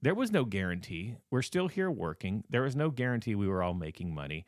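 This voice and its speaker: A podcast host, a man with a lowish voice that is wearing thin as he loses it. He talks casually and with emphasis, repeats his warnings and fills pauses with ums. The sound is dry and close to the mic. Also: big pitch swings, no echo. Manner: repetitive, emphatic warnings with many fillers. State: losing his voice. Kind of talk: casual advice talk.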